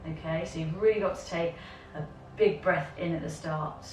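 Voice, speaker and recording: A woman's voice: fairly low pitch, steady tone, moderate pace, a little mellow, roomy sound, distant mic, faint music behind. A woman teaching an online yoga lesson for children, encouraging them step by step.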